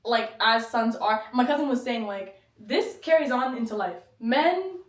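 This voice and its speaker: A young woman chatting on a podcast in a loose, blunt way, cursing freely and slipping into little voices for the people she quotes. Her voice sits a bit high and sounds set back from the mic in an echoey room. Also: animated, measured pace, far from the mic. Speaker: podcast co-host. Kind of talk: casual chat.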